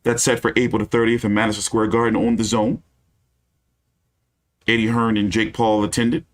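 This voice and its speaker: A man's voice: on the low side, little pitch movement, normal speed. A man hosting a casual boxing news live stream, with a loose, profane, ranting delivery full of fillers.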